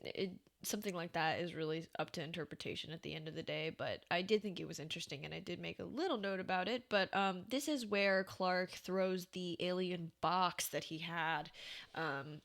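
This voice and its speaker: A woman's voice: on the low side, moderate pace, vocal fry, fairly bright tone. Woman podcaster, casual chat, chatty, filler-heavy, laughs a lot. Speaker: podcast co-host. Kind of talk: casual comic book discussion.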